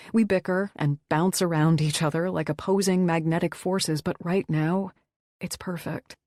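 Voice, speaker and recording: A woman's voice: low-pitched, darkish tone, no room sound, studio quality. A woman reading a first-person romance audiobook in an intimate, tender way. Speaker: audiobook narrator.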